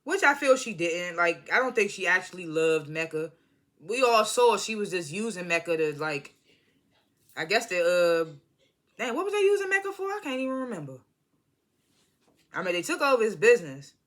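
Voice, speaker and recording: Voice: medium pitch, very animated, moderate pace, fairly bright tone. A vlogger recapping a TV episode in a casual, slangy, profane way, rambling and apologizing often. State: irritated by background noise.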